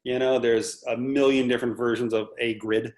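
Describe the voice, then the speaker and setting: A man in his sixties giving a casual drum lesson over a video call, animated and counting off patterns as he explains them. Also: medium pitch, moderate pace, echoey room, faint music behind. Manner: animated, talks through patterns while counting off. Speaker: drum instructor.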